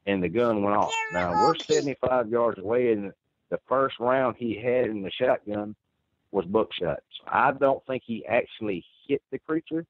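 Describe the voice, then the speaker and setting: A man tells his story in a rambling, earnest way, often restarting a sentence. His voice sits at an ordinary pitch. It comes through a tinny, dry phone line. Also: moderate pace, no room sound. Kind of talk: first-person storytelling.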